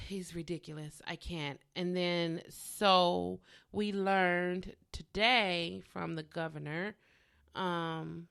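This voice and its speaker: A woman's voice: lowish voice, fairly even intonation, very slow, gravelly, a bit bright, smooth. A woman hosting a podcast alone, ranting casually and bluntly, swearing freely. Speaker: podcast host. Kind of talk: casual solo podcast rant.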